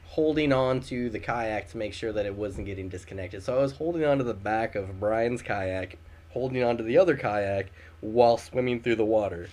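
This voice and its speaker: A man's voice: on the low side, normal speed. A young man hosting a podcast, telling a story casually and acting out the quotes with gusto. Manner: animated storyteller, acts out quotes loudly. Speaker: podcast host.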